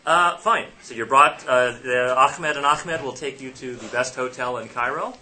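A man narrating as game master of a tabletop game, halting often and correcting himself as he goes. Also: medium pitch, pushed and bright, a little hiss or hum. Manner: halting, with many fillers and self-corrections.

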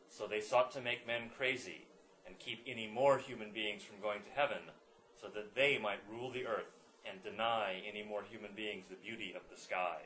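A man's voice: lowish voice, fairly bright tone, slight background noise, natural voice, poor audio. A man doing a solemn old medicine man.

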